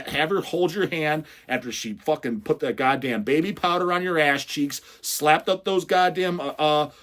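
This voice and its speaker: Hosting a metal channel, a man reads out viewer questions and answers them in a blunt, mocking rant. He swears constantly, and his voice is a little high and a bit bright.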